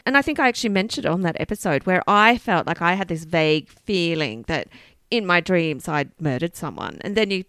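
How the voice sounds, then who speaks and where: A woman co-hosting a podcast, telling an animated story in casual chat, swearing and laughing freely. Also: lowish voice, brisk, dry recording. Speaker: podcast co-host.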